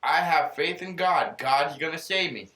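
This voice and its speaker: A man's voice: a little high, measured pace, sharp tone, voice pushed up. Stubborn old man voiced by a man telling a story, insistent, raised voice, in a roomy room.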